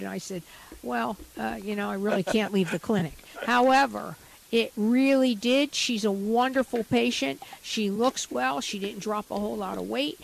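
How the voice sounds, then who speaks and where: A woman's voice: a little high, moderate pace, vocal fry, poor audio. A middle-aged woman doctor talking frankly and animatedly about her patients on a radio health show.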